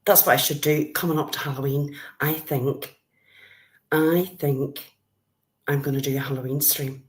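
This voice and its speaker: Chatty low-voiced Northern Irish woman. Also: fairly even intonation, moderate pace. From Northern Ireland. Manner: chatty, greets viewers by name, calls them love. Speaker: live streamer. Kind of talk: casual live-stream chat with viewers.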